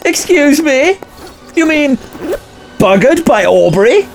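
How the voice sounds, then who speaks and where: An actor playing a bewildered, anxious gentleman who stammers and flusters, in a comic audio drama. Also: very high voice, very animated, slow pace, music in the background, exaggerated voice. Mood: flustered.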